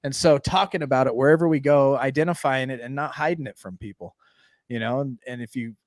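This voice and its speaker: A man's voice: mid-range voice, fairly quick, dry recording, clean studio sound. A man hosting a casual talk show, plainspoken and earnest. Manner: plainspoken and earnest, drops into street grammar. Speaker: host.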